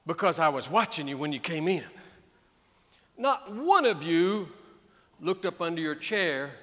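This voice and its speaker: High, bright-voiced fiery preacher man. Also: big pitch swings, measured pace. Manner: fiery, builds to shouts, folksy asides. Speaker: pastor. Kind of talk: preaching a sermon. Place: large church hall. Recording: reverberant church hall.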